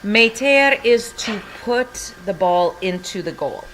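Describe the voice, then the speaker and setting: A woman's voice: medium pitch, animated, slow, fairly bright tone, a little hiss or hum. A woman teaching a Spanish lesson from home, patiently explaining each word in English. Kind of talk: recorded language lesson.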